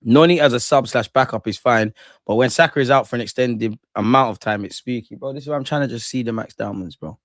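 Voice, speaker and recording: Speaking fast at a medium pitch, the young streamer is captured in a dry recording. He rants in slang while commentating a football match live, trading remarks with viewers in the chat.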